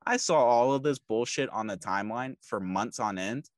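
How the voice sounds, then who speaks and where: A man's voice: medium pitch, normal speed, few pauses, dry recording. A man co-hosting a sports podcast, talking casually and emphatically about college baseball. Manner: emphatic, repetitive, fired up. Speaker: podcast co-host.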